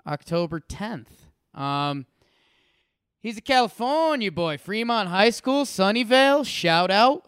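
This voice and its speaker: Man, podcast co-host, enthusiastic, rambling, smooth clear voice, dry mic. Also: high voice, animated, takes it slowly, fairly bright tone, dry recording. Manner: enthusiastic, rambling, repeats words. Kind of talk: casual sports podcast chat and ad read.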